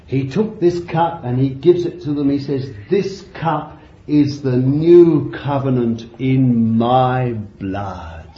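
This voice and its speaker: Slow, impassioned preacher man in an echoey hall. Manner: rising to impassioned high-pitched peaks, then dropping low and slow. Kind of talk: sermon. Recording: dull lo-fi sound in a roomy hall.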